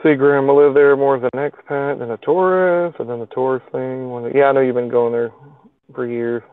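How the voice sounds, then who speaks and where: A man's voice: medium pitch, fairly even intonation, fairly quick, smooth, dry recording. A man chats loosely on his own live stream, rambling and filling his talk with folksy asides. His voice comes through thin and tinny, as if over a phone line, with a close, dry sound and no room around it. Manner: rambling, with many fillers and plain folksy speech. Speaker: live stream show host. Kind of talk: casual live stream chat. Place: parked car in a lot.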